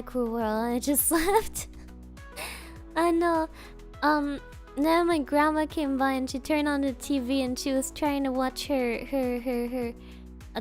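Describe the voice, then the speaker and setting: A young woman streamer chatting casually with her viewers, playful and teasing, often putting on mock offense. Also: sits high.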